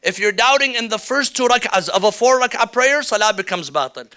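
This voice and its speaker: Bright, clear-voiced male lecturer. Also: very high voice, lively intonation. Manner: explanatory, repeats key rulings, acts out quick examples. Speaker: religious teacher. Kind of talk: workshop lecture. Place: indoor hall or classroom with slides.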